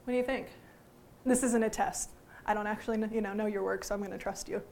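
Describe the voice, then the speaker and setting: A woman teaching a workshop to a live audience, lively and joking, often putting questions to the room. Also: mid-range voice, fast, slight background noise. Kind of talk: interactive workshop talk.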